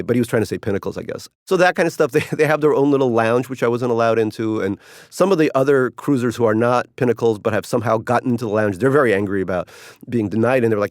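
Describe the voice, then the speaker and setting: A man's voice: mid-range voice, quick pace, no room sound, clean studio sound. A middle-aged man, an author, talking casually and wryly in an interview, rambling and putting on mock voices. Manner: wry and rambling, mock voices for quotes, laughs often. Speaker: author interviewed about his cruise article.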